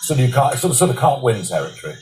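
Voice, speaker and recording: Stammering, animated middle-aged man. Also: mid-range voice, very fast, faint music behind. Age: 50s. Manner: hesitant, stammering, then emphatic. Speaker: reality show contestant. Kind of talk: casual conversation.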